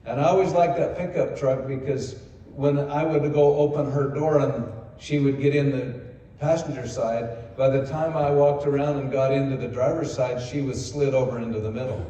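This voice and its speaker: An older man, a company co-founder, telling a personal story in a folksy, self-deprecating way, hoarse from speaking. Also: medium pitch, steady tone, normal speed, warm tone, highs cut off. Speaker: company co-founder giving a convention speech. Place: large convention hall. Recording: echoey hall from far off.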